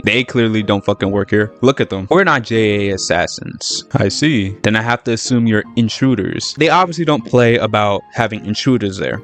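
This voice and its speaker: A young man casually recapping an anime, hyped and swearing freely, full of slang. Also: lowish voice. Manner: profane, hyped, slangy storytelling.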